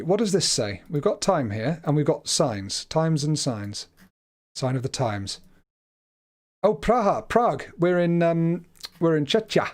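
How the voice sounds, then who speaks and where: A man with a slightly high voice hosts a live stream and talks through a guessing game as he plays. His delivery is chatty and unscripted. He often stumbles and restarts his words while he works things out. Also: very animated, a little slow, pauses often. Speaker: livestream host. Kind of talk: live game commentary, thinking aloud.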